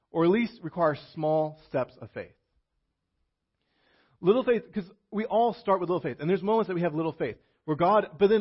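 Gravelly man telling a sermon story. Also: fairly high pitch, lo-fi sound. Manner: conversational storytelling with many restarts and fillers. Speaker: preacher.

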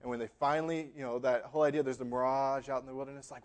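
A man's voice: fairly high pitch, very fast, hardly any pauses. A man preaching a sermon, reading scripture aloud with emphatic, dramatic delivery. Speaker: pastor.

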